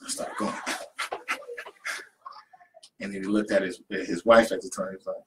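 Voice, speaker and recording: A man's voice: fairly low pitch, fairly quick, long pauses, slightly rough, low-quality recording. A young man, a poet who works with youth, telling stories in casual conversation and acting out the people he quotes. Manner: animated storyteller who acts out quotes. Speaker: poet and youth program leader.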